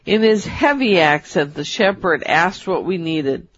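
A woman co-hosting a talk show, reading a personal story aloud in a measured storytelling manner. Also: lowish voice, animated, husky, no echo. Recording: dull, dry.

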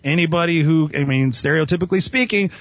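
A man telling his life story as a guest on an interview show, animated and eager, often acting out voices. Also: a little high, fast. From Southern California. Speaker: podcast guest. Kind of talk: storytelling in conversation. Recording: dull lo-fi sound.

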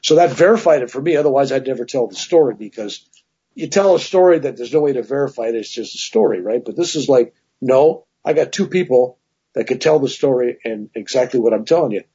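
Husky man telling rambling stories. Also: mid-range voice, fairly quick, muffled recording. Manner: rambling, animated anecdotes with many "right?" asides. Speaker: guest. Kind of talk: casual storytelling interview.

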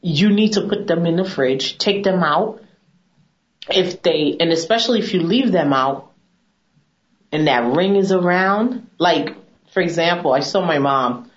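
Animated low-voiced woman esthetician. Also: measured pace, muffled recording. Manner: animated, emphatic, chatty. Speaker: esthetician guest. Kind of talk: casual TV chat.

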